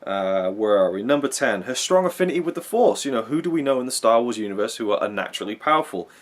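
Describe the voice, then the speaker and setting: A man's voice: medium pitch, lively intonation, quick pace. A man hosting a film review channel, talking in a casual, rambling way and often repeating or restarting words. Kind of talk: casual fan commentary countdown.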